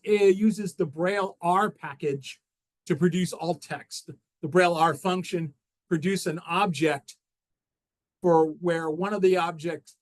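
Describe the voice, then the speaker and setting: A man's voice: high-pitched, poor audio. Man presenting slides at a seminar. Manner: halting, frequent restarts and fillers while walking through slides.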